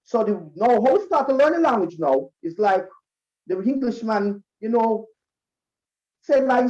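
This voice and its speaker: Jamaican man, school concert emcee, unhurried animated storyteller, dull lo-fi recording. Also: high voice. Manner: lively storyteller who acts out quoted voices. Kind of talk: speech to students at a school concert.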